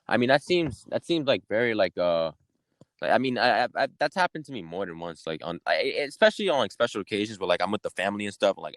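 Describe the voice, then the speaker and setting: A young man co-hosting a podcast, talking casually in halting stop-start phrases. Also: fairly low pitch, a bit bright, dry recording. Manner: halting, stumbles and restarts. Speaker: podcast co-host. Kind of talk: casual chat.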